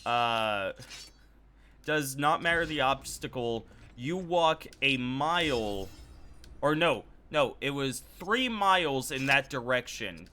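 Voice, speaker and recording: A man's voice: mid-range voice, animated, takes it slowly, sharp tone. A man streaming a game and telling a rambling, loose story with frequent self-corrections. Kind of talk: casual storytelling while gaming.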